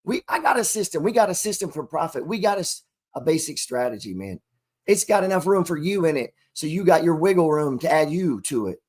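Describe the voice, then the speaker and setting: A middle-aged man hosting his own channel, delivering a profane, slangy motivational talk about trading and making money straight to the camera. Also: a little high. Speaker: trading coach and channel host.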